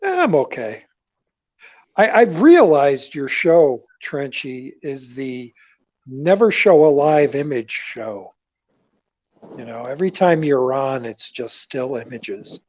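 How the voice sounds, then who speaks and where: A man in casual chat who rambles and jokes, often losing his word mid-sentence. His pitch wanders widely while his pace stays unhurried. His audio comes through dull and lo-fi, like a cheap call mic. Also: sing-song, darkish tone, dry recording. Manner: rambling, joking, searches for words. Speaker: guest caller.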